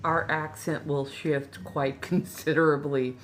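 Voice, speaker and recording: Reading and replying to her livestream chat, this ASMR host, a woman from Southern California with a Californian accent, talks casually and tends to say things twice. She speaks unhurriedly in a low voice with little pitch movement, against slight background noise.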